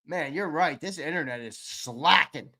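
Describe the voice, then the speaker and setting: A man hosting a live fan stream, his voice jumping all over the place as he chats loosely with viewers. He takes his time between lines, then erupts into loud shouts when calling a winner. He swears freely in casual banter. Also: a little high, animated, unhurried, creaky. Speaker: sports show co-host. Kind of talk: live-stream chat, running a giveaway shuffle.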